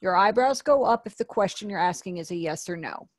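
A woman's voice: medium pitch, expressive, a little fast, no room sound, clean studio sound. A woman teaching an online sign language class, patiently explaining and repeating each word.

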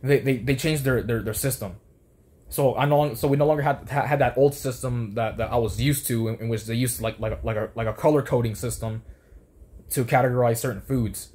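A man's voice: medium pitch, a little fast, a little mellow. A young man ranting about an old job, heated and profane, tripping over restarts as he rambles on. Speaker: former fast food worker. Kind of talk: profane storytelling rant.

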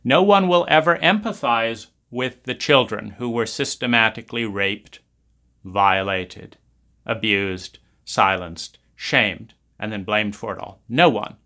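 Intense man in a slow, impassioned monologue. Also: lowish voice, bright, forceful tone. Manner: intense, profane, repetitive emphasis. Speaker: trauma recovery teacher.

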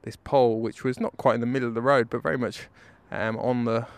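A man's voice: mid-range voice, fairly even intonation, quick pace, gravelly, smooth, dry recording. Man, correspondent dispatch, rambling, self-mocking, dry close sound. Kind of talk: spoken dispatch.

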